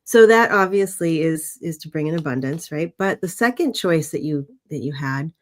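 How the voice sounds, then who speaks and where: A woman's voice: sits low, lively intonation, normal speed. Thoughtful woman reading oracle cards. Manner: thoughtful, gently questioning. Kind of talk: casual livestream chat.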